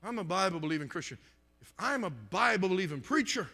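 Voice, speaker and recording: A middle-aged man preaches a live church sermon in a high, animated voice with a piercing, forceful edge. He stacks up repeated phrases in an emphatic cadence, rising to shouts and then sinking to hushed, almost whispered lines. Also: quick pace, gravelly, long reverb tail. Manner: swings from shouting to near-whispers. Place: church meeting, live stream.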